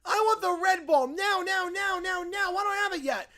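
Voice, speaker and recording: A man voicing a whiny, bratty little boy who screams his demands over and over in a shrill whine. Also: fairly quick, sharp tone. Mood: whining. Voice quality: shrill whining.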